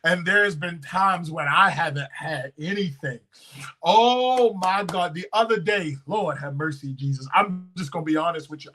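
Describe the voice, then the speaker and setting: High bright-voiced preaching man. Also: low-quality recording. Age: 30s. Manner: testifying, swings from hushed to shouting. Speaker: pastor. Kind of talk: emotional sermon.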